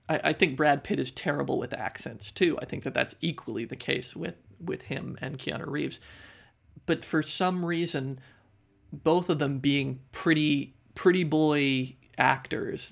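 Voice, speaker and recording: A man's voice: fairly high pitch, fairly even intonation, measured pace, creaky. A man co-hosting a podcast, talking in a thoughtful way and restarting his sentences often. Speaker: podcast co-host. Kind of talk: casual chat.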